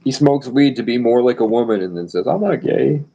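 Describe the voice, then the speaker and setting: A man's voice: mid-range voice, fairly quick, mellow, dull audio. A man rambling boastfully and provocatively on a live stream.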